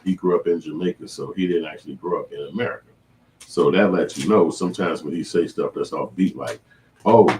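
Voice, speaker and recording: A man with a low, deep voice hosts a reaction commentary. He lectures with indignation, explaining and scolding as he goes. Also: darkish tone, a little hiss or hum. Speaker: commentary host.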